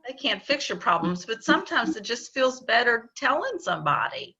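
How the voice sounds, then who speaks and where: A woman teaching a children's Bible lesson on a video call, gently coaxing the kids and repeating her questions. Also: on the high side, big pitch swings, moderate pace. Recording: dull lo-fi video call audio.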